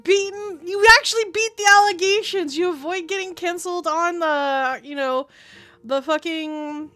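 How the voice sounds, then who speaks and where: A woman's voice: very high voice, moderate pace, pushed and bright, faint music behind. A woman streamer from Canada chatting casually through a game, giggling often and swearing freely. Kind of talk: casual gaming stream chat.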